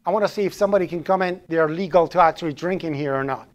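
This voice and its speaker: A man's voice: a little high, rapid-fire. A man teaching a programming class live in a classroom, chatty, often restarting phrases and throwing in joking asides. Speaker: programming instructor.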